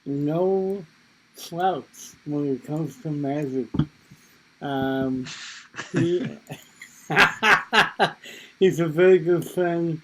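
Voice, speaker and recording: Slow, halting male show host. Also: fairly high pitch, fairly bright tone, low-quality recording. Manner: slow, hesitant, with many ums. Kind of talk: live show hosting over video call. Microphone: video call.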